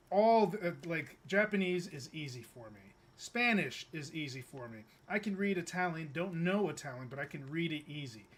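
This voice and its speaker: A man's voice: on the high side, fairly bright tone. A young American man chatting casually while streaming a game, rambling with stammered restarts and chuckles. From United States. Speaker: gaming streamer.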